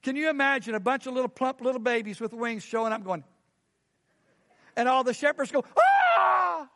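A man's voice: very high voice, a little fast, a bit bright, in a large hall. A man preaching a sermon as a pastor, often asking his congregation questions.

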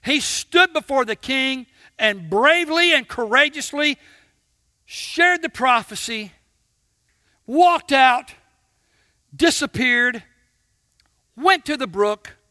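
A man preaching a sermon, swinging from shouts to hushed tones and acting out little dialogues with God. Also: extremely high pitch, animated, slow, pauses often, dry recording, clean studio sound. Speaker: pastor.

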